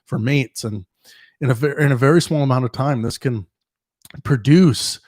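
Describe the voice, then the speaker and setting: A man's voice: medium pitch, normal speed, darkish tone, no echo, studio quality. Rambling man hosting a livestream Q&A. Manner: rambling, with frequent restarts and chuckles. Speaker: host answering viewer questions. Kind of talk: casual livestream Q&A.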